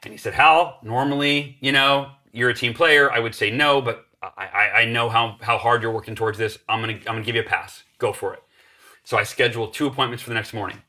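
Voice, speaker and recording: A man in his forties tells a story with energy, acting out the other people's lines as he goes. His voice is bright and forward, sitting at an ordinary pitch for a man. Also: fairly even intonation, brisk. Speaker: podcast guest. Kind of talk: animated storytelling.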